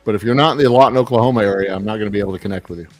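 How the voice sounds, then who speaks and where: A man's voice: on the low side, racing, darkish tone, no room sound, faint music behind. A man from Texas who makes whiskey, hosting a casual live-stream chat in a laid-back, rambling way. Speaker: distiller and show host.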